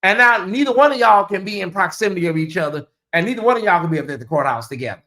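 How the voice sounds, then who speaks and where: A livestream host giving live gossip commentary in a blunt, profane, animated way, with big swings in pitch. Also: rapid-fire.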